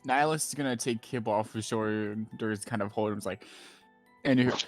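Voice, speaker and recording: A man's voice: lowish voice, moderate pace, dry recording. A man running a tabletop role-playing game as game master, speaking in a loose, rambling way with many fillers. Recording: dry close mic with faint music.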